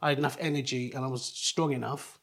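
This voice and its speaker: A middle-aged man, a guest in an interview, telling a personal story in an earnest, halting way with many restarts. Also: mid-range voice, steady tone, a bit bright.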